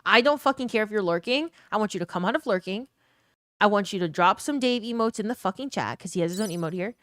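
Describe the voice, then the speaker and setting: Her voice is medium in pitch, a bit bright, fast, and full of lively intonation. She's a young woman from New Orleans, in the US South, with a neutral accent, casually talking to stream viewers, reading out their comments and dropping the occasional swear word.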